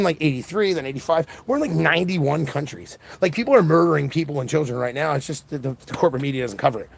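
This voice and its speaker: An exhausted man around forty rushes through a rambling monologue, his voice gravelly and low-edged. He jumps between thoughts, restarts sentences and piles on fillers. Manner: fast, scattered, many restarts and fillers. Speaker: independent political livestreamer. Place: outdoor punk festival.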